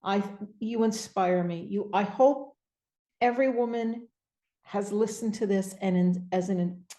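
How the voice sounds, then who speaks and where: Warm-voiced woman host, roomy sound. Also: mid-range voice. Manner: effusive, halting, tearful at times. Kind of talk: emotional interview chat.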